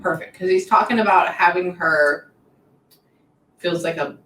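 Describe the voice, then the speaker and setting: A woman working as a psychic medium, talking casually and often pausing to say hang on. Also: on the low side, a bit bright. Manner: chatty, keeps pausing to say hang on. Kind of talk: casual spoken reading session. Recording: echoey room, mic at a distance, faint noise.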